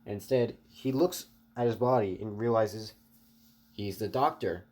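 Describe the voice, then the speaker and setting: A man's voice: fairly low pitch, unhurried, darkish tone. A man casually narrating an improvised story, rambling with fillers and restarts and talking to his viewers. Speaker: online storyteller.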